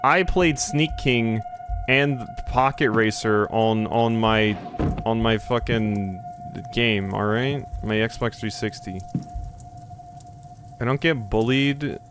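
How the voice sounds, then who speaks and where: A man's voice: fairly low pitch, fairly even intonation, slow pace, music in the background. A young man live-streaming a game, chatting casually with his viewers in a rambling, jokey way, swearing and reading game text aloud. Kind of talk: casual live-stream chat while gaming.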